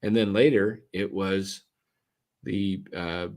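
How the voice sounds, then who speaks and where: A man's voice: low-pitched, fairly even intonation, takes it slowly, a little mellow. Rambling man chatting about baseball. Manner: rambling, restarts sentences often. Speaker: podcast co-host. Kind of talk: casual postgame chat. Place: attended the game in a ballpark, now talking on a stream.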